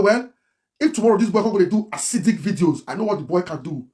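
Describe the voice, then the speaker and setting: Fast, high-voiced Nigerian man ranting. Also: lively intonation. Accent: Nigerian Pidgin English. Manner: emphatic, repetitive, heated. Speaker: blogger. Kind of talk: livestream rant.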